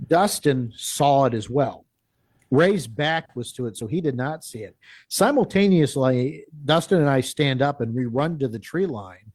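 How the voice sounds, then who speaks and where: A man's voice: medium pitch, unhurried, dry recording. A man telling a long field story as a guest in a live interview, acting out what people said and often restarting his sentences. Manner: animated, acts out quoted speech; rambling with frequent restarts.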